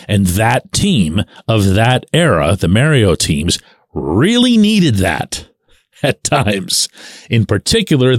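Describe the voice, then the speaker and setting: Male podcast host with a deep voice, sardonic and opinionated, recorded dry and close. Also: no echo. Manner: sardonic, animated, drops to mutters and asides. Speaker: podcast host and sports columnist. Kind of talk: opinionated solo podcast commentary.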